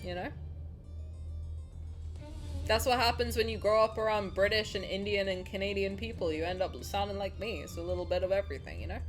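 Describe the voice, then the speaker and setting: A young woman from the American South, streaming and chatting casually with her viewers while reading a game story aloud, animated and quick to swear. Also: medium pitch, soft background music. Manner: chatty and animated, swears freely, laughs at herself.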